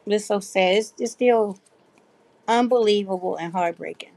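A middle-aged woman chats casually on her live craft stream, going through viewer comments. Her mid-range voice carries vocal fry and a slightly mellow quality, moves at normal speed, and the recording is dry.

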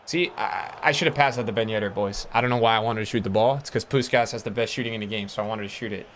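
Low-pitched and quick, a young male streamer riffs on a football video game, with a little hiss or hum in the audio. He gets excited easily, swears constantly, and addresses his chat as he plays.

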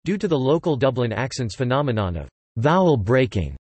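A synthetic male text-to-speech voice reading an encyclopedia article in an even, machine-like way. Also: mid-range voice, a little fast, breathy edge, no room sound. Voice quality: flat, machine-like delivery with odd pronunciations.

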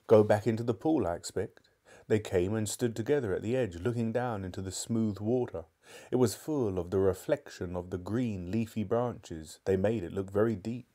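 Male live-stream reader, relaxed low tone, friendly asides between story passages. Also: normal speed. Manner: chatty and appreciative asides. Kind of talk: reading aloud live and chatting with viewers.

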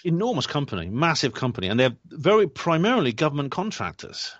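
Earnest male guest, halting speech full of fillers, dry muffled recording. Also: a little high, very animated, fairly bright tone, no room sound. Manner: earnest, hesitant, many fillers and restarts. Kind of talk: interview talk. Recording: dry dull lo-fi audio.

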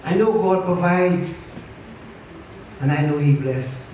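A man's voice: on the high side, slow, a little mellow, a little hiss or hum. A man preaching a sermon as pastor, repeating his lines and asking the congregation to answer back. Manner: preaching with repetition and call-and-response. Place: church sanctuary. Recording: echoey church hall from far off.

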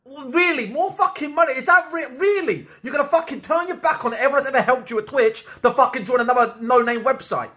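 A man's voice: extremely high pitch, fast, hardly any pauses, bright, forceful tone. A man ranting angrily at a streamer, swearing heavily and scolding him over and over. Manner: swearing, scolding, repeats insults. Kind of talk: angry rant to camera.

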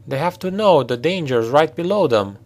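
A man reading a storybook voices a blunt, practical male mercenary captain who talks in a forceful, direct way. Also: on the high side, animated, normal speed, voice pushed up, lightly acted. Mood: urgent.

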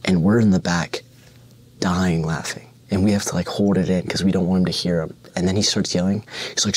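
A young man with a very low voice tells a loose, rambling story full of "like". His voice is recorded dry and close. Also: steady tone, fairly quick, breathy edge, no room sound. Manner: rambling, filler-heavy storytelling. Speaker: student storyteller. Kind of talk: casual anecdote.

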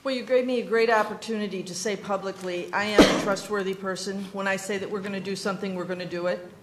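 Commissioner type, woman from New York, calm and sure, explaining at a hearing, roomy sound. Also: medium pitch, slight background noise. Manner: measured, explanatory, self-assured. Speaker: education commissioner testifying. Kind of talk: formal testimony at a legislative hearing. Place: legislative hearing room. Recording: echoey hearing room.

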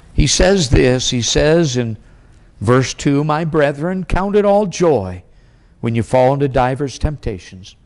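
A middle-aged male evangelist preaches a sermon, telling a personal story while his pitch and loudness swing widely.

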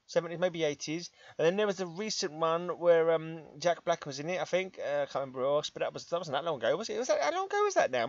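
A man's voice: a little high, dry recording, dull audio. A middle-aged English man with an English accent, rambling in a casual vlog, tired and self-mocking, talking to his laptop in his room. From England. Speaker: vlogger. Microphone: laptop microphone.

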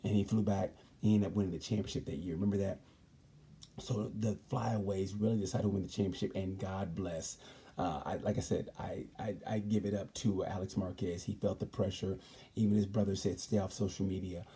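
A man's voice: low-pitched, fairly even intonation, a little fast, mellow, slightly rough. A man hosting a comedic motorsport review, rambling and emphatic, often stopping to say "let me tell you something". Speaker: host. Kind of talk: comedic sports commentary.

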